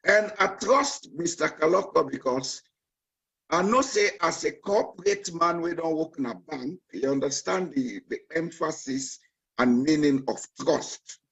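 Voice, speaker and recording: A man with a Sierra Leonean Krio accent gives political commentary as a panel guest. He talks emphatically and repeats his key words like a preacher. His voice is gravelly and a little husky. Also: a little high, lively intonation, measured pace, a bit bright, low-quality recording. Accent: Sierra Leonean Krio-tinged.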